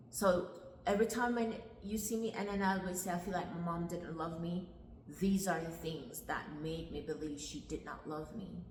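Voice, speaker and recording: A woman, telling a personal story from her childhood in an earnest way, often repeating her words and pausing. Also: lowish voice. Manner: earnest, repeats phrases, long pauses. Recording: echoey room with long reverb, faint background hiss.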